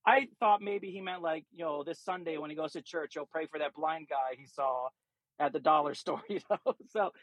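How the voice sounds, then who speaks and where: High-voiced man telling a story. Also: moderate pace, no echo. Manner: animated storyteller, acts out quotes. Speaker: podcast co-host. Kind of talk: casual anecdote telling.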